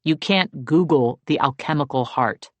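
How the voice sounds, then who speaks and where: A woman's voice: sits low, measured pace, no room sound. A woman reading an audiobook, voicing a blunt young man who answers curtly and dismissively. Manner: curt, dismissive.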